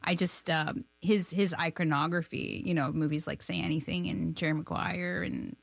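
A woman in her thirties from Canada chats as an interview guest, quick to laugh at herself. Her voice sits on the low side, and the studio sound is dry and close. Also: fairly even intonation, gravelly, no room sound. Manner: chatty and self-deprecating, laughs often. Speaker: filmmaker guest. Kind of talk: casual interview chat.

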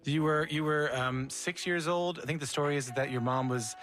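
A man hosting an interview, asking gentle, conversational questions. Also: a little high, moderate pace, faint music behind. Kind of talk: casual interview chat.

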